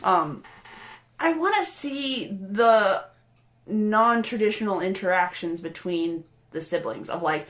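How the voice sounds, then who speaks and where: A woman co-hosting a podcast in casual chat, animated and laughing, swearing freely. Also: medium pitch, slow, roomy sound. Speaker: podcast co-host.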